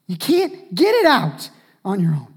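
A man preaching a sermon as pastor, animated, swinging from loud shouts to hushed, near-whispered asides. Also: sits high, measured pace, breathy edge.

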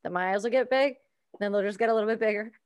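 A woman's voice: medium pitch, racing, smooth. A woman chatting animatedly as a podcast guest, swearing freely and laughing often. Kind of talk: casual chat.

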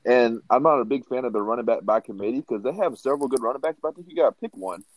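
A man on a sports talk panel, calmly breaking down plays and citing stats. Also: medium pitch, racing, no room sound, low-quality recording. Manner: analytical, stat-citing. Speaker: podcast panelist.

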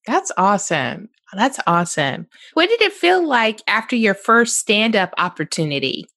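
A woman's voice: medium pitch, sing-song, normal speed, fairly bright tone. A woman hosting a casual interview, asking questions and laughing along with her guest. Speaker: podcast host.

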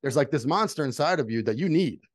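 A man's voice: on the high side, lively intonation, fast talker, no room sound. A middle-aged man telling earnest personal stories in casual conversation as a guest. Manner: earnest storytelling. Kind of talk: casual chat.

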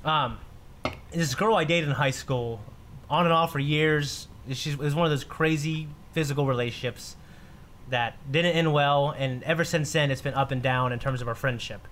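A man's voice: fairly high pitch, normal speed, slight background noise. A man in his thirties co-hosting a casual podcast, telling stories with laughs and restarts. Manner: animated storyteller, laughs often, repeats himself. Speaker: podcast co-host. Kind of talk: casual group chat, storytelling.

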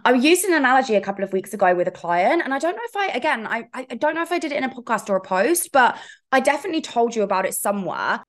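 A woman's voice: on the high side, very animated, very fast. A woman hosts a solo podcast for coaches, her voice sitting a little above the usual for a woman. She talks candidly and casually, wanders off on tangents and throws in playful swearing. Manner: frank, chatty and digressive, with playful swearing. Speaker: fitness coach and podcast host.

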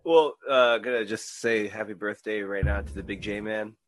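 Podcast guy rambling and cussing, animated, dry close sound. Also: fairly low pitch, normal speed, dry recording. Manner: swears freely, animated storyteller. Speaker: podcast host. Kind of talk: casual chat.

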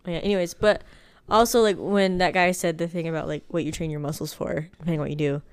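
A woman's voice: on the low side, fairly even intonation, quick pace, smooth. A woman co-hosting a podcast, chatting casually and supportively, often finishing her friend's thoughts. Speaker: podcast co-host. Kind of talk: casual chat.

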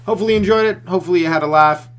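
A man hosting a solo comedy podcast, riffing in a rambling, profane rant that chases tangent after tangent and slips into quick voices of other people. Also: sits high, a bit bright, a little hiss or hum. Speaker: stand-up comedian and podcast host.

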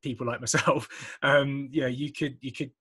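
A man in his thirties hosting a podcast, telling a story in animated casual chat with casual swearing. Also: medium pitch, moderate pace, breathy edge, no room sound. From England. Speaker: podcast host.

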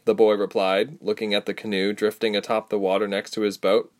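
A man's voice: lowish voice, brisk. A man narrating a fantasy novel as an audiobook, telling it expressively. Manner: expressive storytelling.

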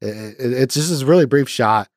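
A man's voice: mid-range voice, a little fast, no room sound, studio quality. A man casually reviewing a film, rambling with lots of fillers and restarts and the odd swear word.

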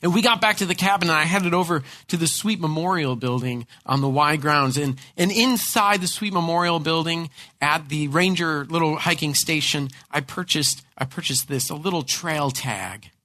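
Bright-voiced high-pitched preacher man. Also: normal speed, dry recording. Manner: animated storytelling, frequent word repeats. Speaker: pastor. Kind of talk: sermon with personal storytelling.

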